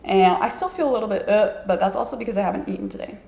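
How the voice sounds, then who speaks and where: Gravelly-voiced woman vlogging in an echoey room. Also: mid-range voice, rapid-fire, a little mellow. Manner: chatty, self-mocking, heavy use of "like". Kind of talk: casual storytelling to camera. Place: her apartment.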